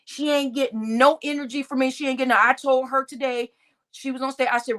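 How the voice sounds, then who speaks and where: A woman with a slightly high voice rants to her viewers in a loose, profane way. She tells the story in an animated style and keeps speaking directly to the audience. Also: a little fast. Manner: talks straight to her audience as y'all. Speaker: channel host. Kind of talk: casual venting to viewers.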